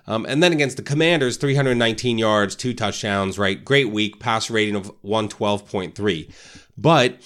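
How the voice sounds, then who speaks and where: A man's voice: on the low side, moderate pace, a bit bright. Man giving casual motivational talk. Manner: casual, keeps asking "right?". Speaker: real estate podcast host.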